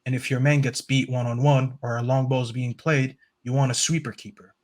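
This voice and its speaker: A man's voice: mid-range voice, fairly even intonation, a little fast, darkish tone. Earnest rambling man panelist. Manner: earnest, rambling, lots of "um" fillers. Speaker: football fan panelist. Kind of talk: casual panel chat.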